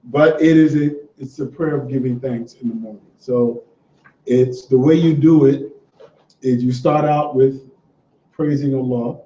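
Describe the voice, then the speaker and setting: At a measured pace and in a mid-range voice, a man guides a religious class with easygoing encouragement and conversational warmth, then reads a prayer to the group. The sound is dull and roomy because the mic is distant.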